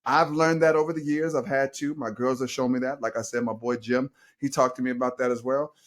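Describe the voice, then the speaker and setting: A middle-aged man hosting a casual podcast as a life coach, talking in an animated, slangy way and addressing listeners as y'all. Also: medium pitch, brisk.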